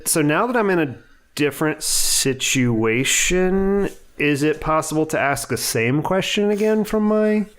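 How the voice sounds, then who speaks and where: A man's voice: on the high side, animated, clean tone. A man playing a tabletop game, asking questions in a tentative way and joking around with the game master. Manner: tentative, joking, quick to laugh. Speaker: player. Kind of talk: casual tabletop game play.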